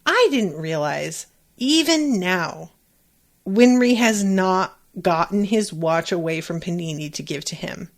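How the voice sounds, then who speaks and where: A woman hosting a podcast, reacting to an anime episode in a casual, chatty way, animated and quick to swear. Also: on the low side. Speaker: podcast host.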